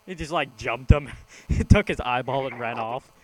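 A man's voice: mid-range voice, normal speed, low-quality recording. A young man co-hosting a casual podcast chat, goofy and jokey, slipping into silly voices. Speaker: podcast co-host.

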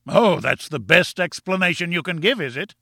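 A man's voice: expressive, normal speed, vocal fry, sharp tone, no echo, clean studio sound, full character voice. A man voicing a pompous, contemptuous older male professor who lectures in a triumphant, scornful way. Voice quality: booming and scornful.

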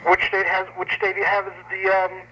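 Polite bright man on a tinny phone. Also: sits high, completely flat delivery, measured pace. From the Bronx, New York. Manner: polite, patient, short answers. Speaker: prank call victim. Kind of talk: phone conversation.

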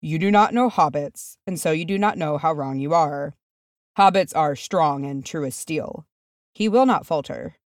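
A woman reading aloud and voicing a proud, brooding dwarf prince who murmurs gravely. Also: low voice, normal speed, no room sound, clean studio sound, natural voice.

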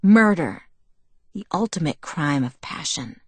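A woman reading the lines of a furious teenage girl in an audiobook, with sharp, angry retorts. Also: low voice, big pitch swings, measured pace, husky, dry recording, heavily acted. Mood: cold. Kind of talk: audiobook dialogue.

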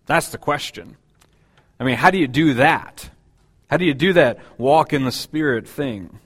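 A man preaches a sermon from the pulpit as the church's pastor. He talks in a relaxed, conversational way, full of ums and uhs, and often restarts his sentences. His voice sits at an ordinary middle pitch for a man. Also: husky. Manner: conversational, halting with many fillers and restarts.

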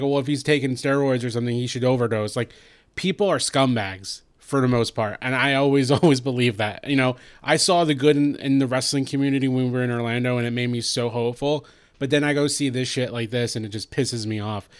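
A man co-hosting a casual podcast, sounding off bluntly and angrily. He swears freely as he vents, in a plain mid-pitched voice. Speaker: podcast co-host.

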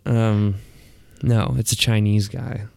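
A man's voice: lowish voice, steady tone, takes it slowly, gravelly, darkish tone, no echo, studio quality. A man hosting a podcast in crude, profane casual chat, often laughing mid-sentence. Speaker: podcast host.

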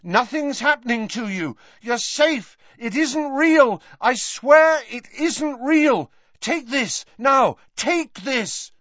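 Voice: mid-range voice, sing-song, slow, a bit bright, no echo, muffled recording, voice pushed up, heavily acted. A reader voicing a frightened teenage boy who urgently and shakily coaxes someone to drink, in an audiobook. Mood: urging. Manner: urgent, pleading, shaky. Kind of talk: audiobook character voice.

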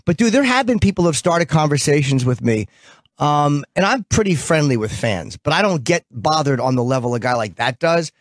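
Blunt, profane radio host, dry studio. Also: male voice, a little high, fairly quick, dry recording. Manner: blunt, profane, animated storytelling. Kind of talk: casual radio banter.

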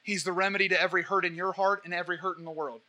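Speaking rapid-fire in a high-pitched voice, a young man gives a passionate question-and-answer talk as a Catholic evangelist, wandering through lively, preachy stories.

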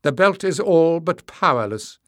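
A man reading aloud, voicing a proud, bitter woman who rules her people and speaks with sharp contempt. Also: fairly high pitch, lively intonation, measured pace, no room sound, studio quality, voice pushed up. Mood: scornful.

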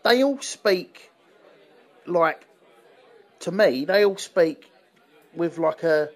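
A man chats on a podcast in a fairly high voice. He stalls often and repeats words as he gets his thoughts out. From London. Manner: halting, repeats words, animated. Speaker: podcast co-host. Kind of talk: casual chat.

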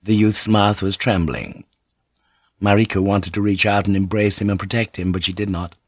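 A man narrating an audiobook in a measured, even storytelling manner. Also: fairly low pitch, dry recording, dull audio.

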